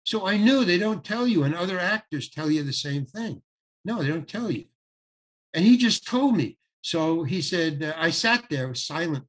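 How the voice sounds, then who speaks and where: An older man, a guest actor, telling a story in a podcast interview, acting out the people he quotes and stumbling over restarts. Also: a little high. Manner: animated anecdote with acted-out quotes, halting restarts.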